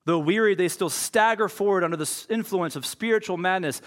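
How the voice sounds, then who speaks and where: A man's voice: sits high, brisk, fairly bright tone. A man preaching a sermon as pastor. He tells stories in a conversational way and acts out the voices he quotes.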